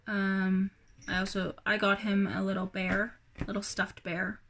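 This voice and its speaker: A woman's voice: medium pitch, little pitch movement, measured pace, fairly bright tone, slight background noise. A young woman rambling through a casual personal vlog, hesitant, with many fillers and sighs. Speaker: vlogger.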